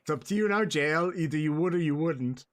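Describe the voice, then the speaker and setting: A man's voice: a little high, fast. An Irish man hosting a casual livestream chat, joking and teasing his co-host. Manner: joking, teasing, dares and goads. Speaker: streamer host.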